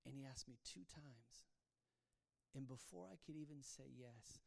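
A man preaching a sermon, telling his own story, his voice swinging from hushed to loud. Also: medium pitch, moderate pace, vocal fry. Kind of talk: sermon testimony.

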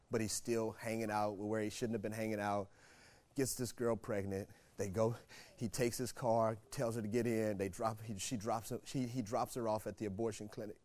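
A male pastor preaching a sermon, moving from quiet storytelling to shouted exhortation and repeating phrases for emphasis. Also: on the low side. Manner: repeats phrases for emphasis, laughs between points.

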